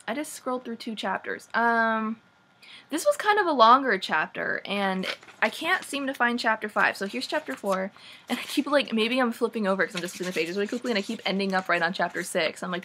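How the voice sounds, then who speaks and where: A young woman recapping a book in a casual vlog, sarcastic and animated, saying "like" a lot. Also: medium pitch, slight background noise. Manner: sarcastic, says "like" often, animated. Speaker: vlogger.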